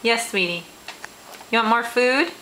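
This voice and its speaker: A mother talking to her toddler in a home video at mealtime, coaxing him slowly and praising him often, recorded on a handheld camera. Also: fairly high pitch, lively intonation, noisy background. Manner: coaxing, slow and encouraging, with repeated praise.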